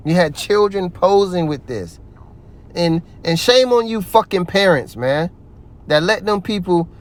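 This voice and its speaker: Profane, preachy man with slightly high voice. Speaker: religious commentator. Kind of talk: heated religious commentary.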